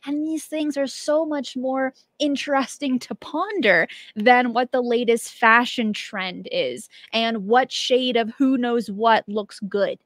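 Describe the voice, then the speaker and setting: Female stream host, higher voice, dry close sound, eager and conversational. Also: steady tone, slow pace, few pauses, a bit bright, no echo. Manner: enthusiastic, chatty. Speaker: show host. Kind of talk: casual live-stream chat.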